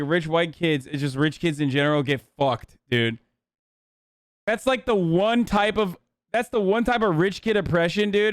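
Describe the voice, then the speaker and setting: Male streamer, profane and rambling, crisp and fairly high voice, dry close mic. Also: no echo. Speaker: streamer reacting to a video. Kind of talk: casual reaction commentary.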